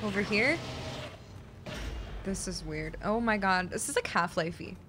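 A young woman streaming a horror game, talking to her chat with excitable, jumpy reactions and swearing when startled. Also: medium pitch, measured pace, noisy background. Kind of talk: live gameplay commentary. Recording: game music behind voice.

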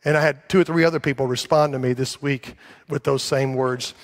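A man's voice: mid-range voice, steady tone, fairly quick. A man preaching a sermon to his church, rambling and self-deprecating, then rising to emphatic calls for a response. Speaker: pastor. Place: church sanctuary.

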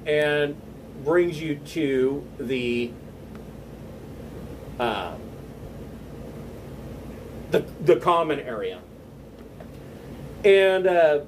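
Slow, hesitant male game master. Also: fairly high pitch, far from the mic, a little hiss or hum, rough recording. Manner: hesitant, many fillers and restarts. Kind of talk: narrating a tabletop game.

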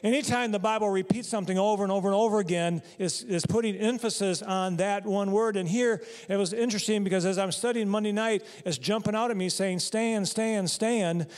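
Male pastor, higher voice, chatty sermon delivery that pulls answers from the congregation. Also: steady tone, quick pace, few pauses, a little mellow. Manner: conversational, quizzes the congregation. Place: church sanctuary.

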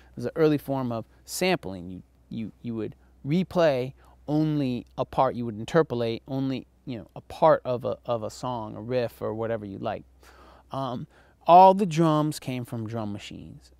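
A man's voice: mid-range voice, darkish tone, clear, resonant tone, dry recording. Casual swearing male lecturer. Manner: loose, profane, filler-heavy delivery. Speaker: college lecturer.

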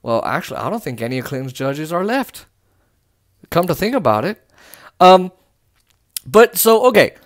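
A man giving casual political commentary in an animated, emphatic way, repeating words for emphasis and adding mocking, sarcastic asides. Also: a little high, normal speed, long pauses.

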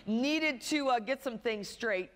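A woman's voice: fairly high pitch, takes it slowly, a bit bright, long reverb tail. A woman pastor preaching a sermon, telling a story with humorous asides.

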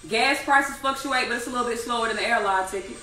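Woman instructor, bright tense voice, echoey room, heard from a distance. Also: on the high side, fast talker, faint music behind. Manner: animated, repetitive, rhetorical questions. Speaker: trading instructor. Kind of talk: live online class.

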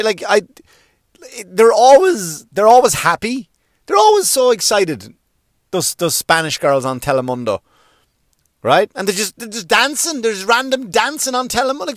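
A middle-aged man doing a stand-up monologue, swearing freely and jumping into high voices to act out characters. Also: dry recording, clean studio sound. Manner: animated, swearing, acts out characters with sudden pitch jumps. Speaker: stand-up comedian.

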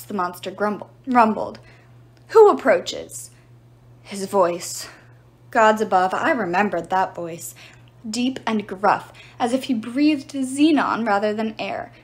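A woman reading a novel aloud in an expressive, dramatic storytelling manner. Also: medium pitch. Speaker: reader.

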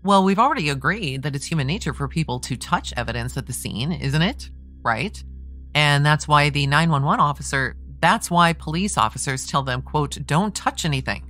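A woman's voice: low voice, lively intonation, normal speed, fairly bright tone, soft background music. A woman reading a pressing male defense attorney. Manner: pressing, leading questions with tag questions. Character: persistent male defense attorney cross-examining. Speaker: true crime podcast host. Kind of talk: reading a trial transcript aloud.

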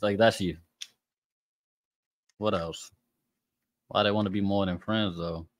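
A man's voice: fairly low pitch, fairly even intonation, takes it slowly. A man doing a casual tarot reading by zodiac sign, talking in a slangy, profane, joking way. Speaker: tarot reader.

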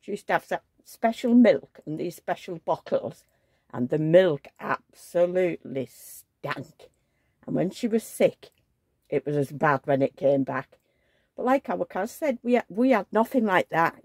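A woman's voice: medium pitch, darkish tone, no room sound, studio quality. An older woman, telling rambling, chatty stories on her vlog. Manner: rambling, chatty storytelling with asides. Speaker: vlogger. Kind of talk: casual chat.

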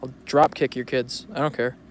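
A man's voice: medium pitch, steady tone, moderate pace, background noise. A young man vlogging in a casual, joking, rambling way who swears freely. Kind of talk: casual rambling vlog commentary.

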